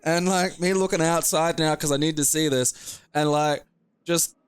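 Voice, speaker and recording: A man's voice: on the high side, fairly even intonation, moderate pace, smooth, dry recording. Profane, laughing Australian man. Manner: profane, rambling, laughs through anecdotes. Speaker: co-host of a game playthrough. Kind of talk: casual let's-play storytelling.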